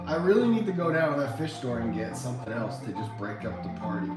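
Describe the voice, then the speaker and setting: A man's voice: medium pitch, fast talker. A man hosting a casual livestream who tells stories animatedly, acts out the dialogue and laughs often. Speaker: livestream host. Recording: echoey room with background music.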